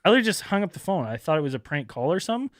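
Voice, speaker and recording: Animated storytelling man, dry close mic. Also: rapid-fire, no room sound. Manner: animated, swears a lot, acts out callers in high voices. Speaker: podcast co-host. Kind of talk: casual storytelling chat.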